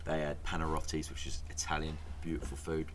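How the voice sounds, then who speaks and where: A young man, a podcast guest telling stories in casual chat over drinks, animated and swearing freely. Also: extremely low pitch, a little fast. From London, England. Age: young adult. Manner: animated storyteller, swears freely, slips into mimicry. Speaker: podcast guest, personal trainer. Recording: noticeable background noise.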